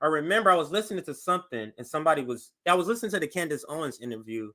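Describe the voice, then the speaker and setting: A man hosting a show, giving animated political commentary as he reacts to news clips. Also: a little high, very fast. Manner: animated and conversational, voice jumps up for emphasis.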